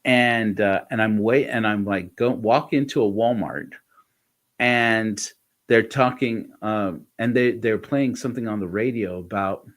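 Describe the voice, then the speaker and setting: A middle-aged man hosting a podcast, telling a story in a loose, rambling way, acting out the dialogue and chuckling often. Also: a little slow. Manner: animated, reenacts dialogue with jumps in pitch. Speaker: podcast host. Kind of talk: casual storytelling chat.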